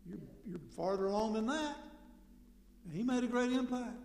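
A man preaching a sermon in a conversational way, asking rhetorical questions and suddenly getting loud for emphasis. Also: very high voice, lively intonation, normal speed, vocal fry. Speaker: pastor. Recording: echoey hall with long reverb.

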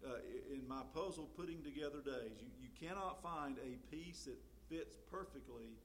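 A man preaching a sermon in a conversational way, full of fillers, getting louder when he quotes scripture. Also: mid-range voice, normal speed, a little hiss or hum.

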